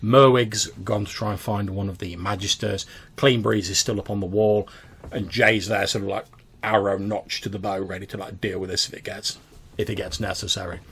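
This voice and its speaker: Gravelly, husky game master narrating. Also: male voice, fairly low pitch, fairly even intonation, fairly bright tone. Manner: halting narration with many fillers.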